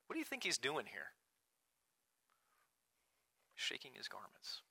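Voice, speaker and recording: A man delivers a sermon in an earnest preaching manner. His voice is strikingly bright and cutting, and his pitch sits at an ordinary middle height. He leans hard into key phrases, then drops to hushed, quiet asides. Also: wildly swooping pitch, measured pace, vocal fry, breathy edge. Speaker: pastor.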